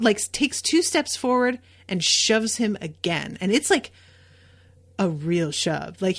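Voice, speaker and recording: Woman podcast host with a mid-range voice and a slow, easy delivery; casual episode recap, emphatic and a bit profane. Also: medium pitch, a bit bright. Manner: chatty and emphatic, with frequent fillers and occasional swearing.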